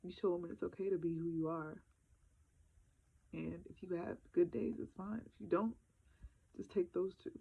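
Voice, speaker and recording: A woman vlogging on her phone, crying and halting, with many fillers and soft laughs. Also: on the low side, vocal fry, slightly rough. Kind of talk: emotional casual phone vlog. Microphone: handheld phone. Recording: phone-like lo-fi sound.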